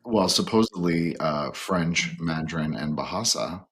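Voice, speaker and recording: A man hosting a podcast interview, speaking in a halting, hesitant way with many fillers and restarts. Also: low-pitched, lively intonation, a bit bright. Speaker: podcast host. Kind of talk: casual interview.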